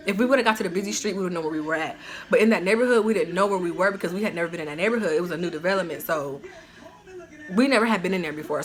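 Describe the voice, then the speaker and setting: A woman telling a personal story in a casual storytime vlog, animated and slangy, with lots of "like" fillers. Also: fairly low pitch.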